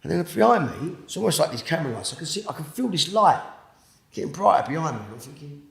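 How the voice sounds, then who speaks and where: A man with a British accent giving an emotional personal testimony in an interview, halting and repeating words, sinking to a hush at the most intense moments. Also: a little high, very animated, gravelly, echoey room. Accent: British English. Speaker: interviewee telling his testimony.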